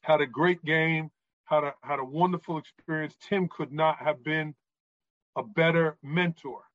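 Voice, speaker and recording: A man from New York tells animated stories as a podcast guest, often checking in with "right?". His voice sits a bit high. The recording is dry and a little dull. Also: measured pace, no echo. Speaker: guest, author and former referee. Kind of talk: storytelling in a podcast interview.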